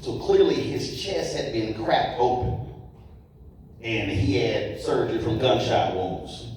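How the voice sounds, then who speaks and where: A man speaking to a conference audience, telling stories slowly and stressing key points, recorded from afar in a large hall. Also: medium pitch, sing-song, a little mellow, slight background noise. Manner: slow, emphatic, repeats key points. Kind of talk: storytelling talk to an audience. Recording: echoey hall from far off, faint ambience.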